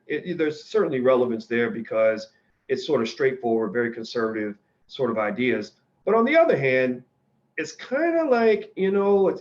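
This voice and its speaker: A man's voice: medium pitch, highs cut off. A man hosting a casual livestream and answering viewer questions. He is blunt and opinionated, rambles, and often restarts his sentences. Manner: rambling and conversational, with frequent restarts.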